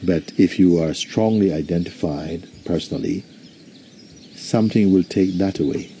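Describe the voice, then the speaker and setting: A man, a spiritual teacher, giving a satsang talk and telling a story in a gentle, unhurried way. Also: deep voice, a little hiss or hum.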